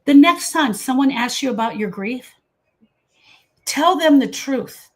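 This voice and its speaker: Woman, middle-aged, grief coach, casual livestream talk, earnest and emphatic, fairly high voice. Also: animated, a little slow, long pauses. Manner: earnest, emphatic, addresses viewers by name. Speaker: grief coach hosting a live session. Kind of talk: casual livestream talk answering viewer comments.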